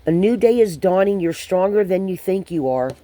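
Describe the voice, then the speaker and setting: A woman's voice: mid-range voice, expressive, normal speed, warm tone. Hesitant woman giving a spiritual card reading. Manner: hesitant, rambling, many ums and restarts. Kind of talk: channeled card reading to viewers.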